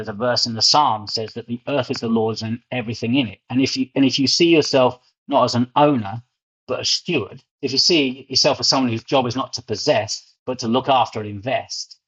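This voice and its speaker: A man's voice: medium pitch, a little fast, fairly bright tone, breathy edge. A middle-aged man with a London accent, telling stories as an interview guest and often repeating words as he gets going. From England. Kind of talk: storytelling interview. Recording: muffled lo-fi audio.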